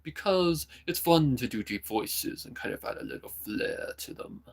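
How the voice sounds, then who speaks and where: A man demonstrating a sinister villain voice with a slight accent, speaking slowly. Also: fairly high pitch, animated, pitched above the performer's own voice. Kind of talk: demonstrating a character voice on a livestream.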